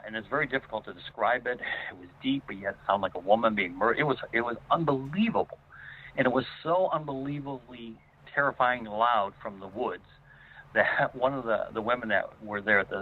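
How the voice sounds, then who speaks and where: A man's voice: medium pitch, breathy edge. A man telling a personal story as a guest, rambling with many fillers and restarts. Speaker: guest paranormal investigator. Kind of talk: casual spoken storytelling. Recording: tinny phone line.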